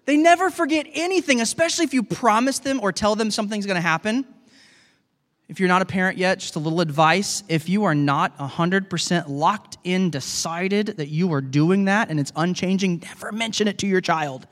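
A man's voice: sits high, lively intonation, moderate pace, fairly bright tone. A man who is a pastor, preaching a sermon in an earnest, conversational way and talking to the congregation as guys. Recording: long reverb of a large hall.

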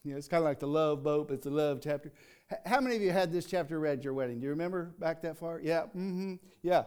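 An older man preaching a sermon in a folksy, conversational way, rising into emphatic reading and dropping to quiet asides. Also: fairly high pitch, fast talker, clean tone. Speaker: pastor.

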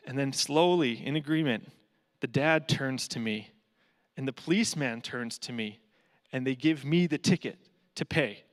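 A man's voice: medium pitch, normal speed, big-room sound. A man giving a guest talk at a church, telling a story in a humorous, casual way. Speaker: guest speaker for a charity.

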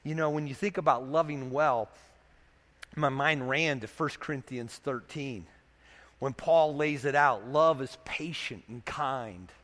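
A man's voice: mid-range voice, measured pace, fairly bright tone, in a large hall. A man preaching a sermon as pastor, in a conversational way, asking rhetorical questions as he goes.

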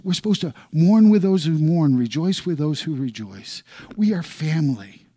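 A middle-aged male pastor preaching with a husky, slightly breathy tone and a dark, mellow timbre. He rises to loud emphasis, then drops to hushed near-whispers. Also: a little high, lively intonation, moderate pace. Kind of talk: sermon.

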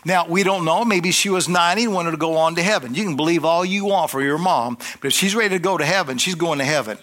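A man's voice: fairly high pitch, fast talker, a bit bright. A middle-aged man preaching a sermon in a rambling, conversational way, telling a healing story with restarts and asides to the congregation.

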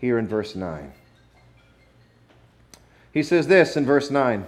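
A man preaching a sermon, emphatic, with dramatic pauses and repetition, sometimes playful. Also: mid-range voice, very animated. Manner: playful, acts out wrong versions for effect. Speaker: pastor.

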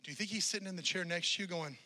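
A man preaching in a church, his voice pitched high and ringing very bright and forceful. He presses his listeners with one rhetorical question after another, building intensity as he goes. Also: rapid-fire. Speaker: pastor. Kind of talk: sermon.

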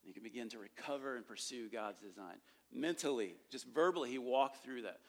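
A man delivering a sermon in a relaxed, conversational teaching voice. He circles back to key points and keeps checking that listeners follow. His pitch sits in an ordinary middle range. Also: fairly quick. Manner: conversational, repeats points with frequent "okay?" check-ins. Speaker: pastor teaching evangelism.

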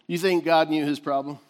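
A man preaching a sermon, animated, laughing often and swinging from shouts to hushed tones. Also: on the high side. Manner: laughs often between points. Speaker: pastor.

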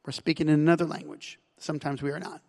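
An American pastor preaching in a church, with a notably high voice for a man. He tells stories at an easy pace and then pushes into loud, emphatic preaching. His voice rings out with a long reverb in a large hall. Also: level tone, fast talker, creaky. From United States. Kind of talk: sermon with personal stories.

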